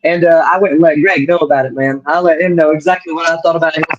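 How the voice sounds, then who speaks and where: A man's voice: a little high, quick pace. A man hosting a casual podcast chat, telling stories and acting out quotes. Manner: animated storyteller, acts out quotes. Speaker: host. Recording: dull lo-fi sound.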